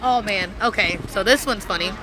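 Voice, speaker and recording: A young woman gives candid, laughing answers in an outdoor street interview. Her voice is bright and sharp. Faint city traffic hums behind her. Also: medium pitch, normal speed, low-quality recording. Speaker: interview guest.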